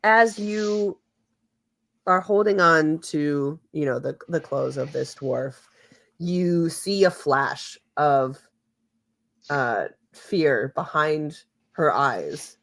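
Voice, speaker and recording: A woman runs a tabletop game as game master in a slightly low voice. She narrates slowly, pausing often to find her words. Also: a bit bright. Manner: slow, hesitant narration with many fillers.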